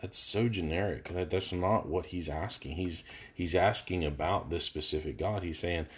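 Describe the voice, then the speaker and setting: A man's voice: low-pitched, moderate pace, fairly bright tone, breathy edge. A man leading a live verse-by-verse Bible study, talking casually with many fillers and restarts. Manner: casual, thinking aloud with frequent fillers and restarts.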